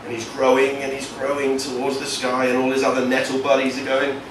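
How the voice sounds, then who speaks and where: A man's voice: medium pitch, monotone, brisk, few pauses, far from the mic. A man doing stand-up comedy, rambling into absurd stories. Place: comedy venue. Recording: echoey venue from afar, noisy.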